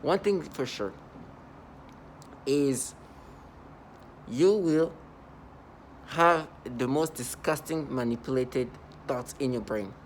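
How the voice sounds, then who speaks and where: A man's voice: medium pitch, slow pace, pauses often, a little hiss or hum. Rambling, agitated man talking to camera. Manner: rambling and repetitive, with many fillers and restarts; earnest and agitated. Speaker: vlogger. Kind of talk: unscripted monologue to camera.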